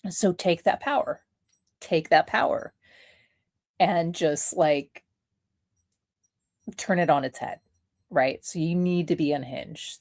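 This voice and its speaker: A woman hosts a casual livestream talk with a fairly low-pitched voice. She speaks bluntly, laughs easily and acts out the people she quotes. The sound is dry and close. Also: a little mellow, no echo. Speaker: podcast host.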